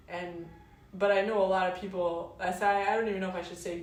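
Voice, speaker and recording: A woman talking through ideas in a reflective, casual monologue, unhurried and searching, drawing out words and trailing off softly. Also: fairly even intonation, recorded from a distance. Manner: unhurried, searching, drawn-out phrasing with soft trailing lows. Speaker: wellness host. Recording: roomy, mic set back.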